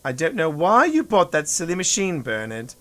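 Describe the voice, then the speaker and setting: A man voicing a sharp, dismissive older wife who chides in a low, dry tone. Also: wildly swooping pitch, normal speed, soft background music. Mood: chiding.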